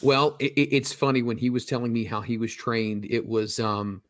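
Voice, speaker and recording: A man's voice: mid-range voice, flat delivery, normal speed, dry recording, studio quality. A man hosting an interview, asking long, conversational questions. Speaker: interview host. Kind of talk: casual interview.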